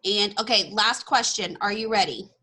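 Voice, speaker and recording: Bright, bubbly woman in her twenties. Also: mid-range voice, normal speed. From Texas. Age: 20s. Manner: bubbly, laughs often, self-deprecating. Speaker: podcast host. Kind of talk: casual interview chat.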